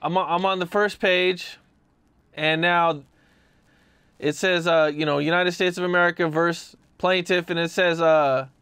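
High, smooth-voiced male interviewer. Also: measured pace. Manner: calm, probing questioner. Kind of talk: interview questions.

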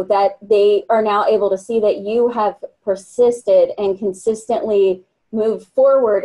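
Woman hosting an interview, mid voice, thanking her guest, calm and measured. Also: medium pitch, poor audio. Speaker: realtor and interview host.

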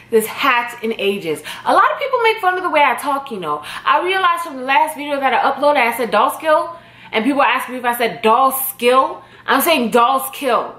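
A young woman vlogging from her home, her Jamaican-tinged accent running through a rambling, blunt, often profane chat. Her voice sits a little high and sounds crisp and forceful. The room around her rings with a clear echo. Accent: Jamaican-tinged English. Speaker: YouTuber. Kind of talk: casual direct-to-camera vlog. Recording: echoey room.

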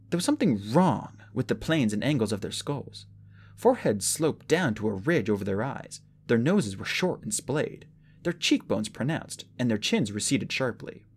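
A man reading an audiobook aloud in an expressive way, with occasional slips. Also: mid-range voice, breathy edge. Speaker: audiobook narrator.

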